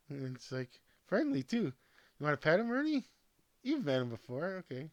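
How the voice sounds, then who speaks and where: Recorded dry, a man's fairly high voice moves at a moderate pace with big pitch swings. He's hosting a homemade sports news program and going off script at his laptop, offering casual commentary to himself and his plush toys.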